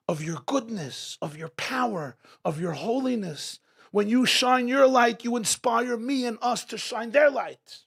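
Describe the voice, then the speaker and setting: A man's voice: high voice, gravelly, a bit bright, breathy edge. A man speaking as guest speaker at a live religious gathering, delivering a dramatic inspirational talk full of repeated rhetorical questions. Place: event hall, live before an audience.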